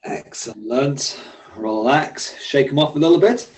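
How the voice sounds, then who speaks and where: A man's voice: mid-range voice, unhurried, a little mellow, poor audio. A man instructing a seated exercise class, giving friendly, encouraging, step-by-step cues. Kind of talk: leading a seated workout class.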